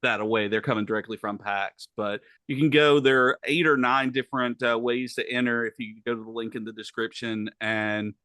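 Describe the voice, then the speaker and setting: A man with a Southern US accent, co-hosting a podcast and talking in a halting way full of uhs. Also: mid-range voice, fairly even intonation, bright, forceful tone, no room sound. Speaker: podcast co-host. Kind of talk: casual chat.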